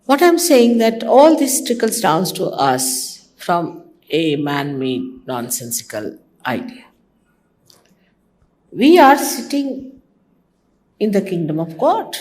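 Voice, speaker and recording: An older woman from India gives a devotional talk in an easy, conversational way. Her voice sits fairly low but moves in lively, animated swings. She teases her listeners and leaps up in pitch to mimic other people. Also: takes it slowly. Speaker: spiritual teacher. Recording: archival talk recording.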